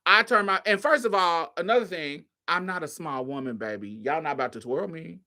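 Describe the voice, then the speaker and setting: A woman's voice: low-pitched, lively intonation, fairly quick, hardly any pauses, bright, forceful tone. A woman hosting a show, casually telling a story to her listeners, swearing freely and calling them y'all, honey and baby. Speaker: host.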